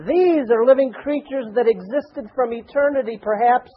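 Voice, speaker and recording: A man preaching a sermon, telling stories animatedly and swinging between loud and hushed delivery. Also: very high voice, a little fast, hardly any pauses, phone-quality sound. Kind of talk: sermon with storytelling.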